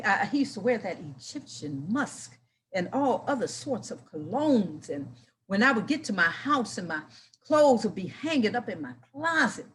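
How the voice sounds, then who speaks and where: A woman's voice: mid-range voice, a little hiss or hum. A woman reading a Bible story aloud and breaking off into emotional, exclaiming commentary and personal anecdotes.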